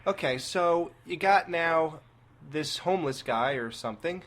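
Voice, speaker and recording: A man co-hosting a casual movie review chat, animated and laughing at his own slips. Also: fairly high pitch, a little slow. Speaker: podcast co-host.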